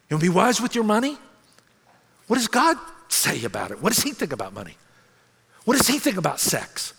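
A middle-aged male pastor preaches with a high, wide-ranging voice and a gravelly edge. He tells stories in an animated, self-mocking way, and his words ring out with a long reverb through a church hall. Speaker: senior pastor. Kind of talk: sermon.

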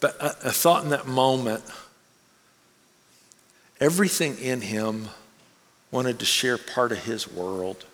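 A man preaching a sermon, telling a personal story in an animated way and acting out the people he quotes. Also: mid-range voice, takes it slowly, long pauses. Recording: long reverb of a large hall.

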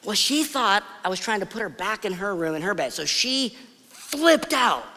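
A male pastor with a high voice preaches in a big church hall whose long reverb trails after each phrase. He talks casually, telling stories, then slows into soft, weighty pauses. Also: sing-song, vocal fry. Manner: conversational storytelling, drops to soft emphatic pauses. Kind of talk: sermon.

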